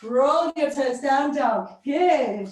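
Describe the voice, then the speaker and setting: A woman with a high voice leads a workout-style yoga class, calling out breaths and poses in short encouraging commands. She speaks at an unhurried pace while moving with her students. The sound is very echoey and picked up from across the room. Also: expressive, a little mellow. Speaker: yoga teacher. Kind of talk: live yoga class instruction. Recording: very echoey room, distant mic.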